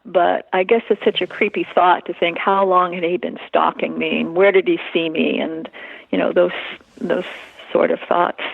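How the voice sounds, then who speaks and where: A woman being interviewed, recalling personal events in a halting, earnest way with many fillers. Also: on the low side, level tone, gravelly, slightly rough, no room sound. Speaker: interview guest. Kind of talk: emotional personal recollection. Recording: tinny phone line.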